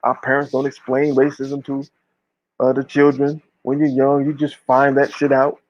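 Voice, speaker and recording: A man's voice: medium pitch, completely flat delivery, normal speed, dull audio. A man talking casually but with fiery emphasis, preaching and swearing freely. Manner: emphatic, preachy, profane, uses slang. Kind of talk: impassioned casual talk.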